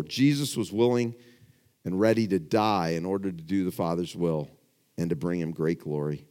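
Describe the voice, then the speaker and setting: Middle-aged male pastor, lowish voice, preaching in church, drops to a hush then builds to emphatic questions. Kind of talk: sermon. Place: church before a congregation.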